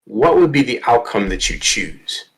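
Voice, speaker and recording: A man's voice: mid-range voice, big pitch swings, moderate pace, gravelly, low-quality recording. A man running a tabletop horror game, narrating scenes vividly and checking rules with players. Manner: vivid, dramatic narration mixed with rules talk. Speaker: game master.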